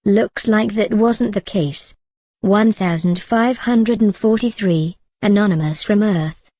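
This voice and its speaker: A woman giving a scripted web novel reading, working through numbered chat posts in a steady, even manner. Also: medium pitch, no echo. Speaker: narrator.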